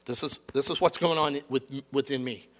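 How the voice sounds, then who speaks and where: A middle-aged man preaching a sermon in a conversational, animated way, acting out quoted lines. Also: medium pitch, moderate pace. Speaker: pastor.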